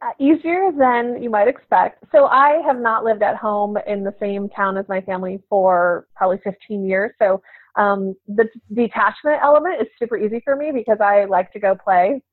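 A woman's voice: medium pitch, moderate pace, no room sound. A woman guest on a podcast interview, speaking in a chatty way with frequent laughs and restarts. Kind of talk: casual interview chat. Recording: tinny phone-like line.

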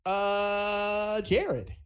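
Relaxed man hosting a podcast. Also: high-pitched, extremely slow. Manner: relaxed, announces matchups and calls on each panelist. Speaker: podcast host running a movie bracket. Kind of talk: casual chat.

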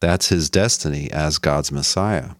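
Deep-voiced man lecturing in a dry room. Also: a little slow, dry recording. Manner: conversational teaching, quoting scripture with a lifted voice. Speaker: lecturer on the Bible. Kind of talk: explanatory lecture.

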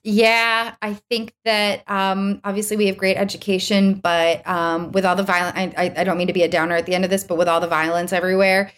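A woman health coach, a guest on a podcast, talking casually with many pauses and fillers. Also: mid-range voice, little pitch movement, fairly bright tone. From Boston area. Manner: chatty, hesitant, many fillers.

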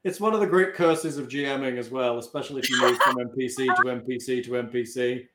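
A man's voice: medium pitch, fairly even intonation, fast, echoey room, very noisy. A man narrating a tabletop game as game master and joking with the players.

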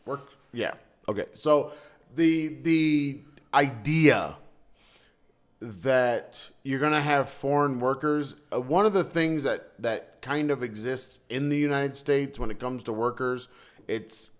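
A man who works abroad, talking in casual chat in a rambling, halting way with many restarts. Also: medium pitch.

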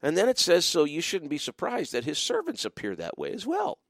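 A male pastor hosting a call-in radio show, preaching with fervent emphasis and frequent restarts. His slightly high voice leaps across a wide range, recorded close and dry, with faint music underneath. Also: huge pitch swings, brisk, dry recording.

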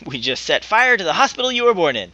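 A young man co-hosting a casual comedy podcast, tossing out quick sarcastic quips. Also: sits high, sing-song, pushed and bright, no echo, muffled recording. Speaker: podcast co-host.

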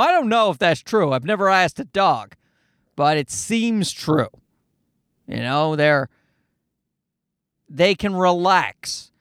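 A man in his thirties rambles and jokes through a casual solo monologue, recorded from the back seat of a parked car. His voice sits high and leaps all over the place. The sound is close and dry, with no room around it. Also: dry recording. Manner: joking, rambling, animated. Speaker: podcast host.

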